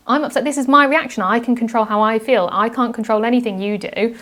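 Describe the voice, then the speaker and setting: A woman's voice: on the high side, fairly even intonation, quick pace, a bit bright. Woman guest, earnest and reflective, plays out sample phrases in casual chat. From United Kingdom. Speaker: podcast guest.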